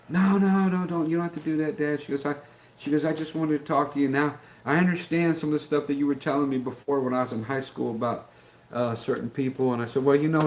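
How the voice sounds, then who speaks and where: A man's voice: mid-range voice, darkish tone, slight background noise. An older man, chatting casually on his live stream, rambling with many fillers and restarts.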